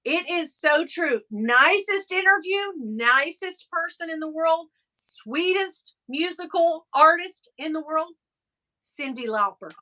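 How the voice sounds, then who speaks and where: Bright, high-voiced woman chatting. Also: takes it slowly. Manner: chatty, animated storyteller with frequent laughs. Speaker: live stream host and former radio interviewer. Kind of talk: casual chat.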